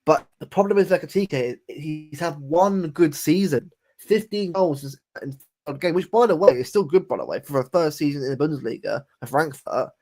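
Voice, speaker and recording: Casual podcast co-host, male, slightly higher voice, rambling and repetitive delivery. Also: normal speed, a little mellow. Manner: rambling, repeats words and says mate often. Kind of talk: casual football chat.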